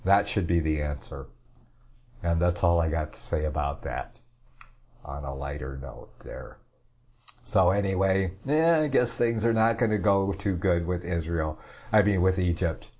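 A man with a low, husky voice hosts a talk show and reads the news in a rambling, offhand way. He drops sarcastic asides as he goes. The audio is dull and lo-fi. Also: animated, unhurried, darkish tone. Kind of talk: casual news commentary.

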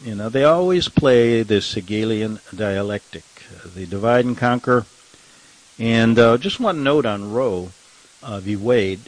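A man's voice: medium pitch, animated, measured pace, no echo, poor audio. An older man hosting a talk radio show, rambling and sarcastic, chuckling at his own remarks and fighting a slight cough. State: has a cough.

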